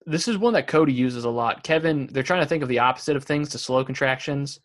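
A male podcast co-host with a mid-range voice talks fast in a casual chat. He reads out funny quotes from a show and laughs along.

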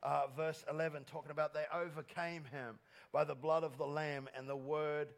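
A man's voice: on the high side, flat delivery, normal speed, creaky. A man hosting an interview on a church stage as pastor, rallying the congregation enthusiastically into a handheld mic. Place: church auditorium. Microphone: handheld microphone.

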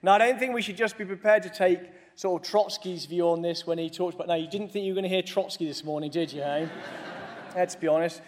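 A man's voice: high voice, a little fast. A man giving a conference keynote speech, mixing serious points with humorous asides to the audience. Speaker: conference speaker.

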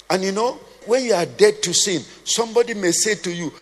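Preacher in an echoing hall. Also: male voice, high voice, brisk, few pauses. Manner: conversational preaching with call-and-response questions; humorous asides. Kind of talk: sermon. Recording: long hall reverb.

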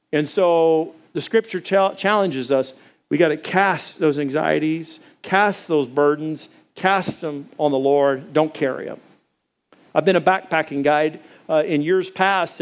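A man in his forties from Arkansas, preaching a sermon in a folksy, conversational storytelling way. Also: a little high. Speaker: pastor.

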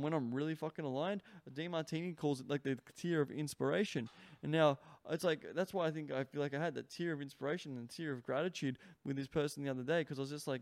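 A man's voice: a little high, dry recording. A man hosting his own podcast as a sex coach, talking in an emphatic, profane way and filling his speech with "like". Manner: profane, emphatic, heavy use of "like" fillers. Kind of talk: solo podcast monologue.

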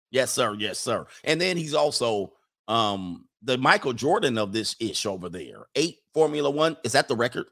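A live-stream host with a medium-pitched, creaky, slightly bright voice reads viewer messages at a moderate pace. He's expressive, casually commenting, joking, rambling, and talking back to himself.

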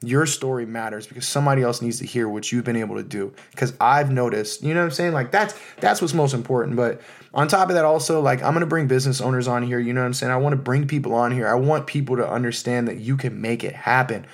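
A man's voice: mid-range voice, fast. An American man in his thirties, hosting his own podcast alone in a loose, heartfelt monologue with many fillers. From United States. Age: 30s. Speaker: podcast host. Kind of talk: casual solo podcast monologue.

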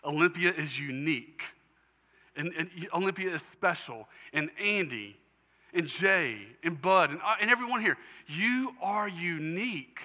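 A man preaching a sermon as pastor to his congregation, emphatic, repeating key phrases slowly. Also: on the high side, animated, pushed and bright, big-room sound. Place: church sanctuary.

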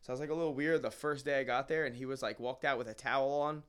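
A man's voice: medium pitch, steady tone, clear, resonant tone. A man telling stories in casual podcast chat, swearing freely. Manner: quick, swearing storyteller. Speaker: barber guest.

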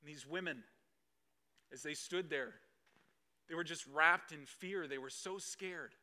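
A man performing an emotional first-person dramatic monologue, swinging between hushed lines and loud outbursts. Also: on the high side, a little slow. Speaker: dramatic storyteller.

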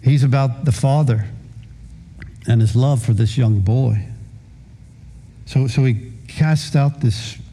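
A man in his fifties preaching a sermon as pastor, with a halting delivery full of repeated words. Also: mid-range voice, warm tone.

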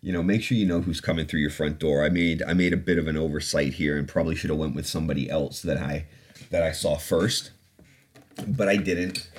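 A man's voice: extremely low pitch, steady tone, a little fast. A man hosting a podcast, telling a personal story in a candid, profane, reflective way. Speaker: podcast host. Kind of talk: casual storytelling.

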